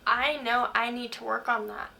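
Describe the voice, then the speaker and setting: A woman's voice: on the high side, steady tone, normal speed, creaky, pushed and bright. A woman hosting a faith talk, speaking earnestly and asking the listener many questions. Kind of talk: devotional talk to camera.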